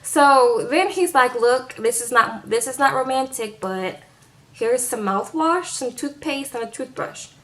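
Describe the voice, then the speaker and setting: A woman's voice: sits high, animated, a little slow, a bit bright. A woman giving a casual, sassy recap of a reality show, retelling scenes with playful asides to her viewers.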